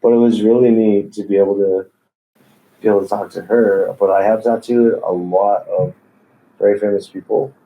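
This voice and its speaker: A man's voice: fairly low pitch, fairly even intonation, normal speed, warm tone, rough recording. A man, a tattoo artist, telling stories in a laid-back way, swearing freely and laughing often. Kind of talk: casual storytelling. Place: tattoo shop.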